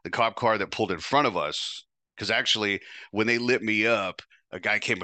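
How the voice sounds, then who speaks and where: A podcast host with a low, sharp-toned voice tells a first-person story in a casual, profane and wry way. The recording is dry.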